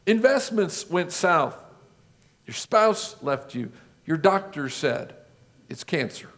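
A man's voice: on the high side, very animated, fairly bright tone. A male pastor preaching a sermon, building his points with lists and rhetorical questions. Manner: rhetorical questions, measured listing.

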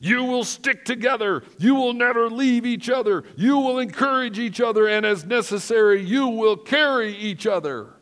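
A man voicing a raspy, growling male army drill sergeant who barks commands. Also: very high voice, normal speed, few pauses, a bit bright, pitched above the performer's own voice. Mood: commanding. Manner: barking, commanding delivery.

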